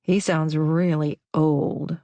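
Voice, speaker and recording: A woman's voice: low voice, little pitch movement, slow pace, dark tone, no room sound. A woman voicing a playful young man who teases and plays things up for drama. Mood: teasing. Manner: teasing, dramatic.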